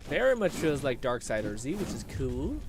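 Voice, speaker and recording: A man's voice: mid-range voice, sing-song, normal speed, noisy background. A man live-streaming a video game, chatting casually, swearing and laughing while he reads viewer comments. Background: game music.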